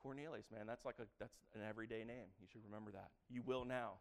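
Smooth-voiced, joking preacher. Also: male voice, fairly low pitch, fairly even intonation, quick pace. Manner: chatty and joking, quizzes the audience. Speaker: preacher teaching a Bible lesson. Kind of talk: interactive sermon.

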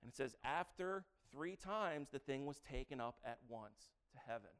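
Male preacher, clear, smooth tone, chatty and joking, quizzes the congregation. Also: mid-range voice, lively intonation, moderate pace, a bit bright. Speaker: preacher teaching a Bible lesson. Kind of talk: interactive sermon.

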